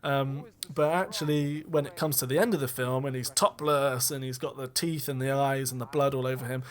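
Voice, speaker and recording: A man's voice: mid-range voice, steady tone, a little fast. A man giving a casual, rambling commentary as a film director, candid and self-deprecating, with frequent ums and restarts.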